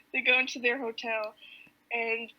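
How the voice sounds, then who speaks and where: A woman's voice: a little high, level tone, slow, muffled recording. A woman co-hosting a podcast, chatting casually and giggling while she acts out comic characters' lines. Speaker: podcast co-host. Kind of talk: casual chat recapping a comic.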